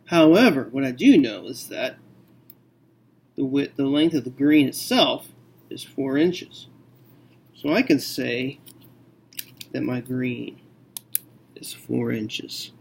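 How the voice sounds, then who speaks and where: A man teaching a math lesson, working through a problem slowly and thinking aloud with frequent okays. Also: mid-range voice, animated, gravelly, a little mellow, slight background noise.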